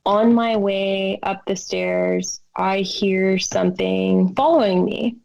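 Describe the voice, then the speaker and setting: Podcast guest, woman, slow emotional storyteller, voices her own quotes, dull lo-fi sound. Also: medium pitch, steady tone, creaky, a little mellow. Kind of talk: personal story in a podcast interview.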